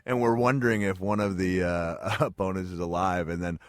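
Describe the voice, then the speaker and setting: A man's voice: low voice, fairly even intonation, fairly quick, no room sound. A middle-aged man telling wrestling stories as a radio interview guest, chatty and self-deprecating, laughing often. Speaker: guest, retired pro wrestler. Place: radio studio. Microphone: studio mic.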